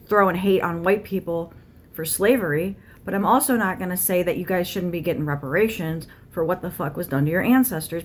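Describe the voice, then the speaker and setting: A woman tarot reader channeling a spirit guide, ranting bluntly with heavy swearing and arguing back and forth with herself. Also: medium pitch. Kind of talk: channeled spiritual rant to camera.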